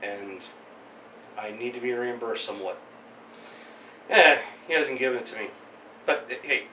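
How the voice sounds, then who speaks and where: A man's voice: mid-range voice, moderate pace, pauses often, distant mic, noisy background. Sarcastic ranting man in an echoey room. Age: 30s. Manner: sarcastic, exasperated, joking asides. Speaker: vlog host. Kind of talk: ranting commentary.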